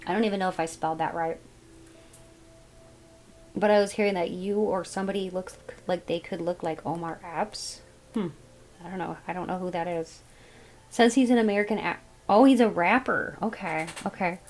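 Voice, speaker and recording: A woman giving a casual tarot reading, thinking aloud as she goes in a musing, unhurried way. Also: on the low side, steady tone, a little mellow, slight background noise, low-quality recording. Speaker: tarot reader.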